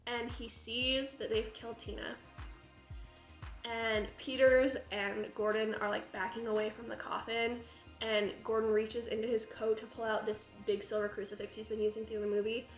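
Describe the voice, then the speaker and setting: A woman's voice: fairly high pitch, little pitch movement, moderate pace. A woman reviewing a horror film in a gushing, chatty vlog style, full of fillers. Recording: echoey room with faint music.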